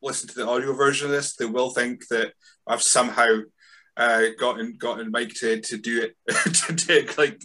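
A man hosting a casual interview, relaxed, with hesitant restarts and laughter. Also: mid-range voice, normal speed. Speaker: podcast host.

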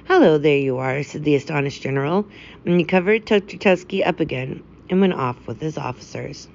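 A woman calmly narrating a classic short story as host of a story podcast. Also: sits low, moderate pace, gravelly, muffled recording, a little hiss or hum. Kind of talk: scripted narration.

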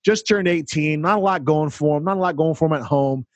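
A man on a podcast, telling an excited story and acting out the dialogue in casual chat. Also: a little high, fairly quick, no room sound. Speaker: podcast co-host, counselor.

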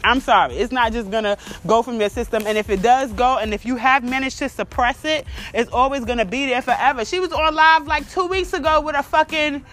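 A woman's voice: high-pitched, fairly quick, hardly any pauses, fairly bright tone, faint music behind. Blunt, profane woman ranting on a podcast. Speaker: podcast host. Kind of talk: casual opinion rant.

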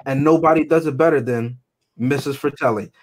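A man co-hosting a podcast in casual chat, animated and joking with exaggerated outbursts. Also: mid-range voice, a little fast. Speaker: podcast co-host.

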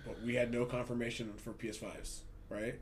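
Brisk and medium-pitched, this man hosts a podcast out of Hollywood, with a bit of background noise behind him. The talk is casual: he rants, curses, and tells his work stories with plenty of animation.

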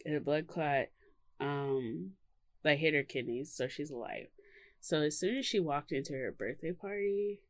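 Woman, podcast co-host, low pitch, lots of laughs and fillers, dry recording. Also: measured pace, no echo. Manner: chatty, laughs often, many fillers. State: hiccups. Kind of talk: casual podcast chat.

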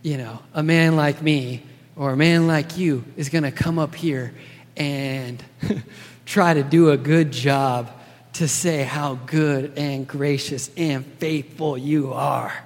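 A man preaching a sermon in a casual, earnest way, often checking in with his listeners by asking "right?". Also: a little high. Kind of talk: conversational sermon. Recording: long reverb of a large hall.

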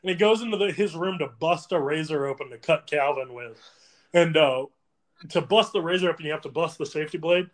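A man's voice: fairly high pitch, fairly quick. A young man hosting a podcast, telling rambling anecdotes with lots of fillers and laughing through them. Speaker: podcast host. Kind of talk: casual podcast storytelling.

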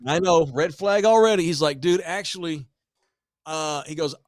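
A man hosting a podcast, telling a story in a profane, animated way and acting out every line of dialogue. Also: a little high, normal speed, dry recording, studio quality. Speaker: podcast host. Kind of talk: storytelling chat.

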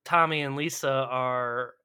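A man co-hosting a casual, profane movie-review chat, animated and quick to laugh. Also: mid-range voice, clean tone. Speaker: podcast co-host.

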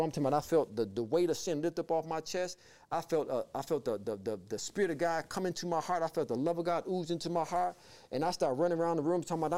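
A man telling his personal faith testimony as a guest, with lively repeated phrases and acted-out quotes. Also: on the high side, fast. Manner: lively, repeats words, acts out quoted voices. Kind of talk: animated personal storytelling.

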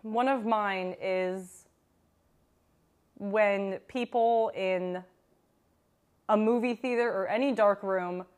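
A woman's voice: mid-range voice, fairly even intonation, takes it slowly, pauses often, darkish tone. A woman in her twenties co-hosting a casual podcast chat, talkative and swearing freely. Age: 20s. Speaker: podcast host.

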